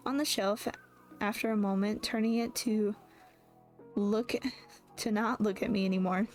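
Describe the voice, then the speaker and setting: A woman's voice: mid-range voice, steady tone, unhurried, pauses often, soft background music. A woman reading a first-person novel aloud, often stopping to correct and restart her words. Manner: reads with frequent restarts and self-corrections. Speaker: audiobook reader.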